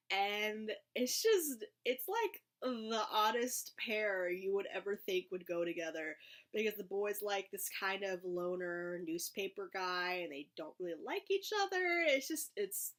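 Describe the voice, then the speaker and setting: A woman's voice: mid-range voice, a bit bright. A young woman chatting casually about books, gushing and rambling with restarts and giggles. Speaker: book vlogger. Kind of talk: casual chat, book review.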